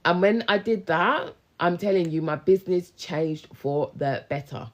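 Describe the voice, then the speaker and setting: A young woman with a low voice chats on a live stream, slangy, lively and thanking viewers as she goes. She talks like a friendly business coach straight into her phone. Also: unhurried. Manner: chatty, slangy, animated, responds to viewers. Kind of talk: casual live-stream chat. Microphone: handheld phone live stream.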